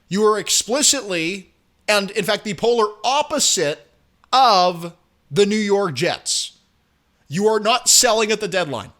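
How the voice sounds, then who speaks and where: Brief: sports talk host, man, high and bright voice, animated and sarcastic. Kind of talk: opinionated sports commentary.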